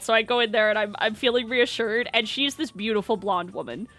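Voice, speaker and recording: A woman's voice: a little high, a little fast, fairly bright tone, dry recording, faint music behind. A young woman streaming, telling a rambling story in a chatty, self-deprecating way and laughing often.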